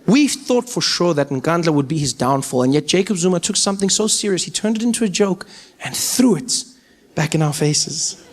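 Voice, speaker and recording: A young man with a South African accent doing stand-up comedy, animated and incredulous. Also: on the high side, normal speed.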